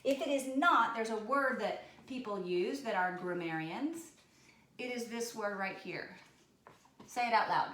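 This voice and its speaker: A woman's voice: a little high, a little slow, fairly bright tone, roomy sound. A woman teacher giving a recorded grammar lesson, coaxing and addressing her class directly.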